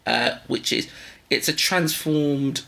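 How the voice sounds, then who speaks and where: A man's voice: on the high side, slow pace, gravelly, bright, forceful tone. A man co-hosting a podcast, talking in rambling, self-interrupting casual chat. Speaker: podcast co-host.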